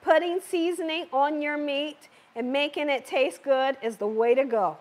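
Chatty high-voiced woman cooking host. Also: moderate pace, few pauses. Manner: chatty, laughs often, reads viewer comments aloud. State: losing her voice a little. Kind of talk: live cooking stream chat. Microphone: wearing a microphone.

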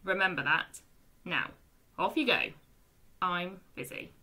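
A woman voicing a gruff, brusque old male Womble who keeps the stores, in a read-aloud storybook. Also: fairly low pitch, slow, pushed and bright, full character voice. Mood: grumbling. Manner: brusque, grumbling.

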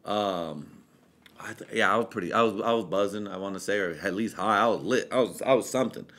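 A man's voice: lowish voice, a little fast, a bit bright. A young male podcast host who sounds tipsy as he talks. His storytelling is loose, rambling and heavy on profanity, with a casual chatting delivery. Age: young adult. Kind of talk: casual chat.

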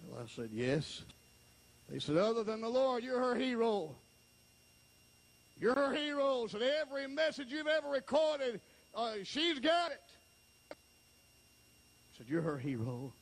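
A man preaching an emotional revival sermon, repeating phrases and swinging from hushed storytelling to high shouts. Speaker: evangelist preacher.

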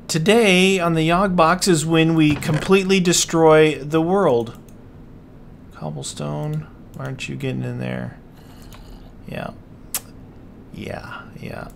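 A man's voice: fairly high pitch, gravelly, a little hiss or hum. A man casually commenting on his game, dismayed and often exclaiming to himself as he plays. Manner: dismayed, keeps exclaiming and muttering to himself while playing. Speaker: gaming channel host. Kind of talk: casual let's-play commentary.

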